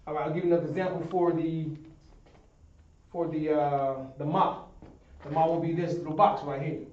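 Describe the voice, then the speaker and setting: Male instructor, fairly high voice, patient stepwise explanations, recorded from across an echoey classroom. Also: fairly even intonation, fairly quick, darkish tone. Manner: explains step by step, often asks "understand?". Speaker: teacher of a Hebrew class. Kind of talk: classroom teaching at a whiteboard. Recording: echoey room, distant dull sound.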